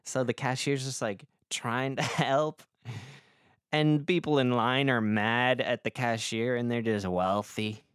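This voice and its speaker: A man's voice: mid-range voice, fairly even intonation, unhurried, fairly bright tone, clear, resonant tone, no echo, clean studio sound. A young man hosting a podcast, telling a rambling comic story, swearing a lot and making fun of himself. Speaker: podcast host. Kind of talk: casual comic monologue.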